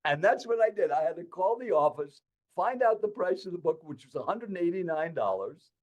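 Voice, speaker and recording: A man's voice: high voice, a little fast, rough recording. An older man, a professional speaker, telling a story from his own life as a podcast guest and speaking straight to the listener. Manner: animated storyteller who addresses the listener directly. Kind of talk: storytelling in conversation.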